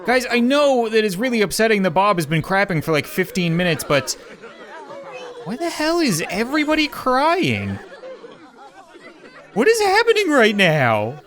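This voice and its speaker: A young man giving comedic, excitable commentary on a life-sim game, often laughing and exclaiming. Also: high-pitched, normal speed, pauses often, some chatter behind. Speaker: gaming YouTuber.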